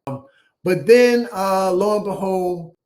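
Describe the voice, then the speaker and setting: Older Chicago-raised man with a slightly high voice, telling stories and acting out the voices in them. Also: slow. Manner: animated storyteller who acts out the dialogue. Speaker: guest, former basketball player. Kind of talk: storytelling interview.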